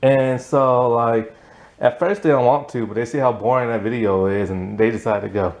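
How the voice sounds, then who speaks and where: A man's voice: mid-range voice, steady tone, normal speed, vocal fry. A man casually reviewing a cartoon episode, rambling with many "like" fillers, sleepy late at night. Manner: rambling, filler-heavy with frequent "like".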